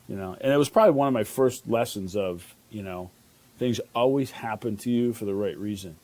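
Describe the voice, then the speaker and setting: Man, 50s, chef guest; low, mellow voice, rambling storyteller. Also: expressive, fairly quick. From Chicago. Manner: rambling, many fillers and restarts. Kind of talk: casual interview storytelling.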